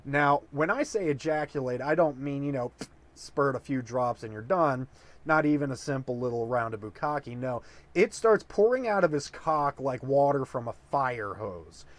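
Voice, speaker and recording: A man's voice: mid-range voice, animated, normal speed. A drunk man improvising a long dirty joke, rambling with many fillers. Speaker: comedic storyteller.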